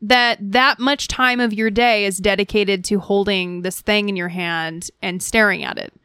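Smooth-voiced woman co-hosting podcast. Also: medium pitch, steady tone, unhurried, bright, forceful tone, no room sound, clean studio sound. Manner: wry, laughing asides. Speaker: podcast co-host. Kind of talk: casual chat.

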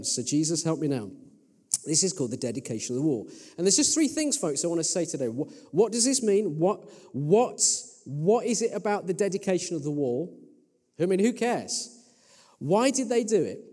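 A man preaching a sermon as pastor, lively, with joking asides to the congregation. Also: fairly high pitch. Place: large church hall. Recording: long hall reverb.

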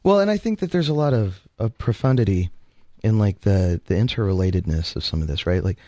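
A man co-hosting a radio talk show, telling a story in a casual, animated way and acting out the voices he quotes. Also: fairly low pitch, fairly quick, no room sound, clean studio sound.

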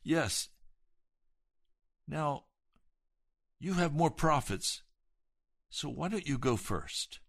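A man preaching a sermon, retelling scripture with dramatic emphasis and swelling loud at the high points. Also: animated, extremely slow, creaky, pauses often, no echo, clean studio sound.

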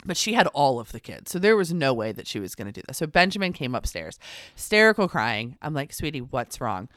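A woman in her thirties co-hosting a podcast, chatting casually and telling animated, exasperated stories about her kids. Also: low voice, quick pace, no echo, studio quality. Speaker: podcast co-host. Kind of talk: casual chat.

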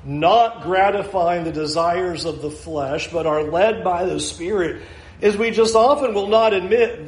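A man's voice: high voice, measured pace. A middle-aged male pastor preaching a sermon earnestly, acting out the answers of the people he counsels. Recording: echoey room with faint ambience.

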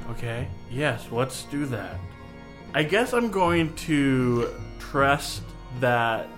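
A man playing his character in a tabletop game, playful and joking. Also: medium pitch. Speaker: player.

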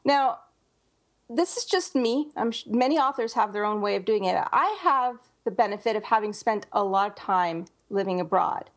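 A woman's voice: mid-range voice, lively intonation, normal speed. A woman co-hosting a podcast about writing, chatting casually and thinking aloud with lots of fillers and restarts. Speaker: podcast co-host, writer.

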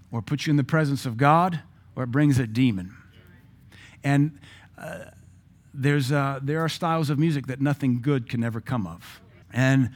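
A middle-aged man, preaching a sermon as pastor, telling stories with acted-out quotes and blunt asides. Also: mid-range voice.

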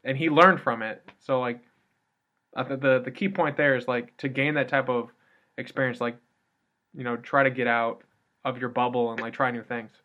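A man's voice: medium pitch, fairly even intonation, moderate pace. An American man co-hosting a casual chat, talking in loose tangents and leaning on "like" and restarts. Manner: chatty, tangential, heavy use of "like". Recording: dull lo-fi recording.

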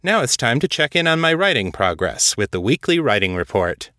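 A man hosting a podcast, narrating a story and giving updates in a measured, matter-of-fact way. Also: medium pitch, big pitch swings, pushed and bright, soft background music. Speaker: podcast host and author.

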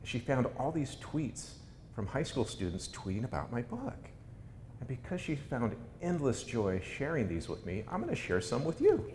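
A man's voice: huge pitch swings, moderate pace, darkish tone. A middle-aged man, an author, giving a humorous talk in a wry, self-mocking way. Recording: echoey hall with faint rumble.

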